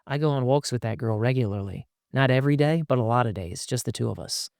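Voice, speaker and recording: An animated man talks through advice on a casual podcast. He jumps into quoted voices as he goes, and his voice sits at a middle pitch. The sound is dry and close. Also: fast, gravelly, no echo. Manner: animated, acts out quoted lines in shifting voices. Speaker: podcast host.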